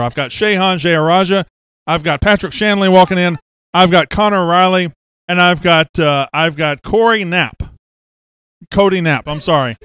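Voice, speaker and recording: A man's voice: high-pitched, fairly bright tone, clear, resonant tone, no echo. A man hosting a casual show, joking and teasing the crew as he rambles along. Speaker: host. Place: studio office.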